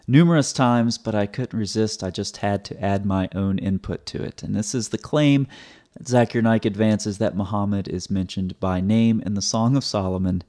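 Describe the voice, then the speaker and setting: Hosting his own video, a man gives teaching commentary in a sarcastic, explanatory manner, frequently repeating words as he restarts. He speaks at a moderate pace in a fairly low, warm voice.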